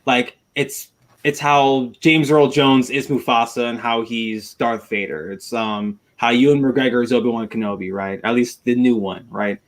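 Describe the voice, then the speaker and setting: A man's voice: medium pitch, steady tone, moderate pace. A man in a casual film podcast chat, talking enthusiastically and rambling, often repeating himself. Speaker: podcast panelist.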